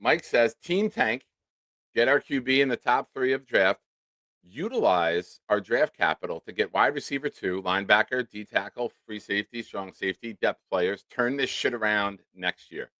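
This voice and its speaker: An animated man hosts a casual sports livestream, his pitch jumping around as he thanks viewers and swears offhandedly. His voice is bright and forceful, and the recording is close and dry. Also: normal speed, no echo. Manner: animated, swears casually, reads out supporter names. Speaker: sports talk show host.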